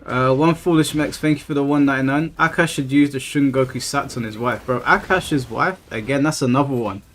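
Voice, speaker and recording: A man's voice: mid-range voice, fairly quick, a bit bright. A young man, chatting casually and ranting with plenty of swearing on his live stream, exasperated.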